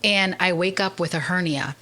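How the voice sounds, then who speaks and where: Woman guest with a low-set, bright, forceful voice; earnest, lively storyteller. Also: moderate pace. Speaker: podcast guest. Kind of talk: candid personal storytelling in a conversation.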